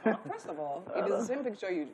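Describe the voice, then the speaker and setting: A woman with a Nigerian English accent presenting on a morning show, quick and joking. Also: mid-range voice, big pitch swings, a crowd in the background. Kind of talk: casual studio chat.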